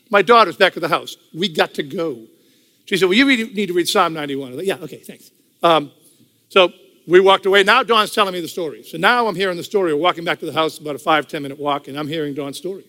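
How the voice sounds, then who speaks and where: An older man tells his testimony to a congregation, chatting through the story and driving points home by saying them again and again. His voice sits a little high and comes out bright and forceful. The sound rings with a long reverb, as in a large hall. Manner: conversational storytelling, repeats phrases for emphasis. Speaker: testimony speaker. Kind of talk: church testimony talk.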